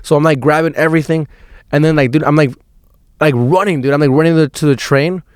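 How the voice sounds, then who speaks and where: A man's voice: fairly high pitch, fairly even intonation, a little fast, clean tone, no room sound, clean studio sound. A young man hosting a podcast, telling a rambling, slangy story with lots of "dude" and swearing. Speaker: podcast host. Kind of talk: casual storytelling monologue.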